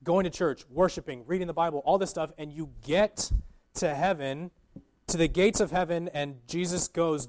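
A man's voice: on the high side, normal speed, darkish tone. A young man giving an earnest, informal sermon as a guest preacher, with many fillers and restarts.

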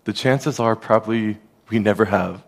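A man preaching a sermon as a pastor, earnest and conversational, dropping softer on key phrases. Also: lowish voice, moderate pace, vocal fry.

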